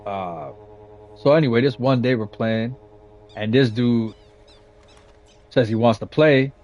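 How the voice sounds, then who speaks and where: A man's voice: mid-range voice, unhurried, darkish tone, highs cut off. A man in his forties from San Jose, a gaming streamer telling childhood stories in slangy, profane street talk. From west side of San Jose, California. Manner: slangy, streetwise and profane, with lots of "you know what I'm saying" and "right?". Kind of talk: casual storytelling chat.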